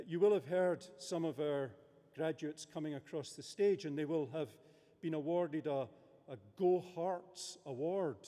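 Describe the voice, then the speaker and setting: A middle-aged man gives a formal graduation-ceremony speech in a somewhat high voice, measured and hesitant, stumbling over filler words. The sound carries the long reverb of a large abbey hall. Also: dark tone. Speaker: university official presiding at a graduation ceremony.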